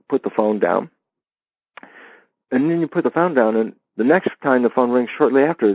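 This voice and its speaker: A man being interviewed, explaining ideas with lively stories and acted-out dialogues. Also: medium pitch, normal speed, pauses often, no echo, dull audio. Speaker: interview guest. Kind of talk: animated explanatory interview talk.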